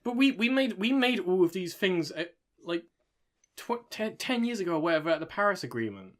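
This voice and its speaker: A man's voice: sits high, sing-song, a little fast. A young man co-hosting a podcast, talking in blunt, sweary rants in casual chat. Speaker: podcast co-host.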